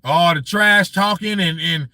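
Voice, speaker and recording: A man talks basketball on his live stream with a bright, forceful voice pitched a little high. He answers the chat in an animated, profane rush, his voice sitting close and dry on the mic. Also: measured pace, no echo. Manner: animated, profane, frequent "you know what I'm saying". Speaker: sports show host reading live chat. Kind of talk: casual live-stream sports talk.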